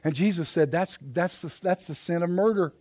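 A middle-aged male pastor delivers a sermon in a church, his voice sitting fairly high for a man. He talks in plain, folksy words and shifts between loud emphatic declarations and soft, hushed asides. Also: normal speed. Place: church sanctuary.

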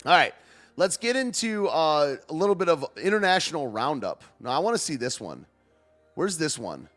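A man's voice: a little high, very animated, moderate pace, a bit bright, faint music behind. A man hosting a show, rambling through news clips in loose, slangy casual commentary and laughing often. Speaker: show host.

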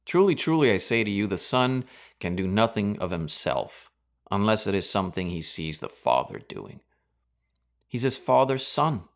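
A man preaching a Bible teaching sermon in a sarcastic, animated way, acting out reactions. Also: deep voice, normal speed, vocal fry.

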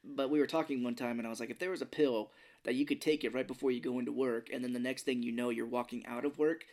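A man's voice: medium pitch, steady tone, fast talker, a little mellow. Chatty man recapping a movie. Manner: chatty, laughs often, acts out quotes in a gruff whisper. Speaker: podcast co-host. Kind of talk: casual movie recap chat.

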